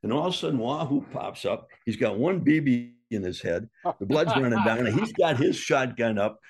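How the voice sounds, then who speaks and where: A man telling a casual anecdote, animated and jumping up in pitch when he acts out what others said. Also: moderate pace. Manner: animated, acts out quoted voices with big pitch jumps. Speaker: storyteller guest.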